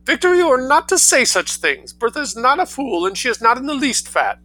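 A man reading a story aloud, voicing a large wealthy mother who talks in a penetrating, hurried, scolding way. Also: very high-pitched, big pitch swings, pushed and bright, voice pushed up, exaggerated voice, rough recording.

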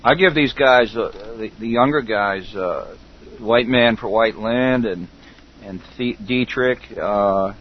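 A middle-aged man hosting a casual internet radio chat, talking haltingly with lots of fillers and restarts. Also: mid-range voice. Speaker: host. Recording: dull lo-fi call audio.

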